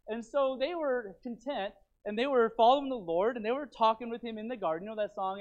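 A man preaching a sermon as pastor in his church, rambling and repeating himself with animated stops and starts. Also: very high-pitched, fast, hardly any pauses. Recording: tinny phone-like sound.

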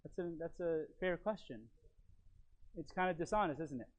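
This is a man preaching a sermon in a slightly high voice. He teaches from his notes with earnest emphasis. Some phrases land loud and others drop to a near-murmur. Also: lively intonation, normal speed. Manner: earnest and emphatic, swings from loud stresses to quiet lines; teacherly, walks through notes and fill-in blanks.

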